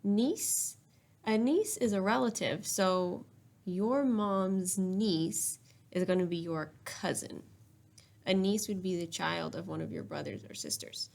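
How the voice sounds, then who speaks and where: A woman's voice: on the low side, slow, creaky, a little mellow. A woman teacher giving a recorded spelling lesson to young children, explaining each step patiently. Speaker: third-grade teacher.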